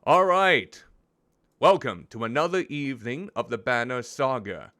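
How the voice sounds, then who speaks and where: A man streaming a game, chatting in an expressive, self-deprecating way. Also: mid-range voice, measured pace. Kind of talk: gameplay commentary.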